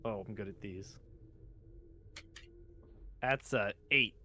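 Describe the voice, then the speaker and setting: A man's voice: lowish voice, takes it slowly, pushed and bright. A man playing in a tabletop game, talking hesitantly with many fillers. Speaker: player. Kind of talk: casual tabletop play.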